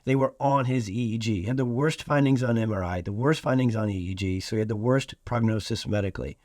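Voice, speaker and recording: A man's voice: lowish voice, quick pace, darkish tone, no room sound, clean studio sound. A man from Iowa hosting a solo podcast, talking earnestly and stressing points by repeating phrases. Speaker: podcast host.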